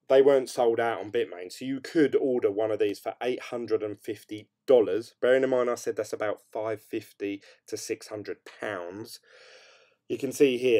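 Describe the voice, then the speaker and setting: Reading viewer comments during a casual late-night livestream, a young crypto mining streamer talks in a dark-toned, medium-pitched voice. His chat is rambling and upbeat, packed with hedges and fillers.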